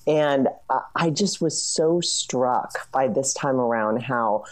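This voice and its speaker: A woman journalist and author answering interview questions in a brisk, explanatory way. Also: extremely low pitch. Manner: brisk, explanatory, frequent "you know" and "I mean".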